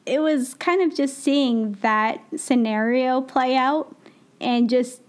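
A woman's voice: high-pitched, takes it slowly. A woman co-hosting a casual podcast, talking about a film in an enthusiastic, chatty way. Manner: enthusiastic, chatty, laughs often. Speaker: podcast co-host.

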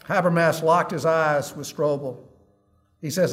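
A man preaching a sermon in an earnest way, reading long quotes aloud like a story and dropping low and quiet on heavy words. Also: steady tone, unhurried.

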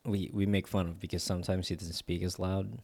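A man's voice: deep voice, level tone, a little fast, gravelly, a little mellow. A young man from New York City chatting casually as a podcast co-host, rambling with lots of fillers. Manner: laid-back, rambling with many fillers. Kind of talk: casual chat.

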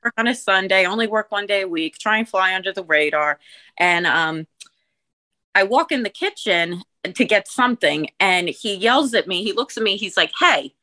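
A woman in her thirties with a New Jersey accent, telling a story on a podcast in a lively, profane way and acting out the quotes loudly. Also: medium pitch, normal speed, no room sound, low-quality recording. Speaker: guest storyteller.

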